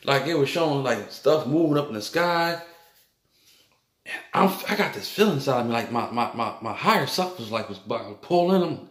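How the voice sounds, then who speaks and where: A man's voice: medium pitch, animated, a little fast, a bit bright. A man recounting a vivid dream in a rambling, repetitive way, full of loose fillers. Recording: echoey room.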